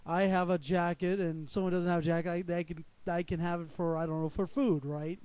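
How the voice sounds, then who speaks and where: Mellow man, halting with false starts. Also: sits high, level tone, smooth, no room sound. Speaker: co-host. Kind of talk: casual conspiracy talk.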